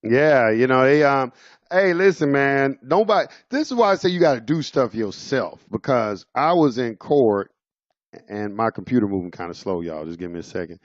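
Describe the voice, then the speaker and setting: A man talks in a loose, rambling storytelling style, piling up fillers and restarts as he goes. His pitch sits in the middle range, and the audio is dry and dull, like a lo-fi recording. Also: expressive, normal speed, no echo. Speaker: presenter. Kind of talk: casual storytelling.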